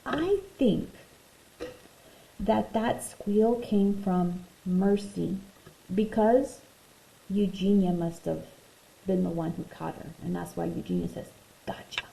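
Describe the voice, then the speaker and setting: A woman's voice: mid-range voice, slow, gravelly, long pauses. A woman teacher reading a picture book aloud and talking expressively to young pupils for a virtual class. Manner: expressive, talks to young pupils between read passages. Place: home room, virtual class recording. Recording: roomy echo, faint noise.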